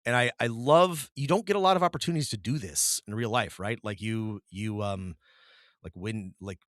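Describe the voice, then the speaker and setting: In a lowish voice with a touch of brightness, a man co-hosting a podcast chats casually at a moderate pace, rambling, restarting frequently, and laughing. The studio-quality recording has no room sound.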